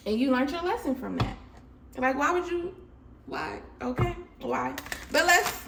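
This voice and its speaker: Animated woman reading tarot, echoey room. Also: a little slow, gravelly, background noise. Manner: animated, laughing, swinging between loud and low. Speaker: tarot reader. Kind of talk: casual tarot reading to viewers.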